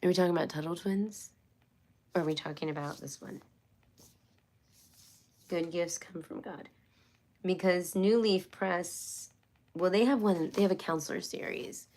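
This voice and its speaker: A woman's voice: on the low side, unhurried, pauses often, darkish tone. A woman hosting a casual homeschool live stream, chatty and rambling, with many fillers and restarts. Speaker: homeschool livestream host.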